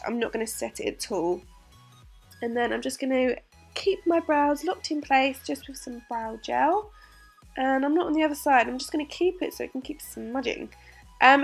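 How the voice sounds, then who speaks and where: A woman vlogger narrating a casual makeup tutorial, chatty and giggly, her voice hoarse from being unwell. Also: sits high, a bit bright. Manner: chatty, giggly, frequent ums. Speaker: beauty vlogger.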